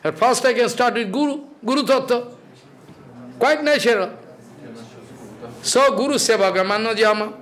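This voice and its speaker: A man's voice: very high voice, normal speed, long pauses, a bit bright. A man giving a devotional sermon in broken English, quizzing and scolding his listeners. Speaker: spiritual teacher.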